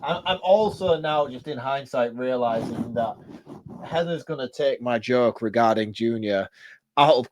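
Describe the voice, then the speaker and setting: A man's voice: mid-range voice, no room sound. A man co-hosting a podcast, teasing and self-deprecating, laughing often in casual banter. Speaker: podcast co-host.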